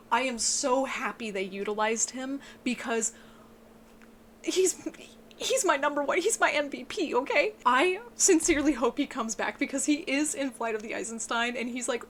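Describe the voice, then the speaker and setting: Excitable, swearing woman reviewing books. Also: slight background noise. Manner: excitable, swears a lot, voice breaks into high yelps. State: tearful. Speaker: book reviewer. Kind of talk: emotional casual book review.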